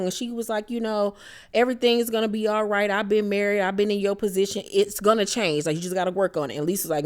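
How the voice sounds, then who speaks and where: A woman hosting a casual reality TV recap, talking in an animated, gossipy and profane way, with bursts of mock outrage. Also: mid-range voice, fast talker.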